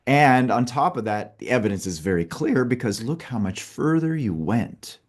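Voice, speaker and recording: A man's voice: medium pitch, lively intonation, moderate pace. A man leading a workshop, guiding a participant through a group exercise with step-by-step instructions and frequent checks of "okay". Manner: instructive, peppers talk with "okay". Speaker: workshop facilitator.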